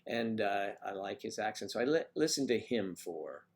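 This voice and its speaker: A man's voice: fairly low pitch, animated, normal speed. A man hosting a casual livestream, rambling and chatting with viewers by name as he reads the chat. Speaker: livestream host reading chat.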